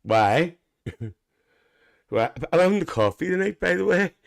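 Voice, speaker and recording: A man's voice: high voice, very animated, a little slow, vocal fry, heavily acted. A man playing a cheeky, gossipy Northern Irish aunty with a Northern Irish accent, hosting a live stream in chatty, bawdy banter full of cackles.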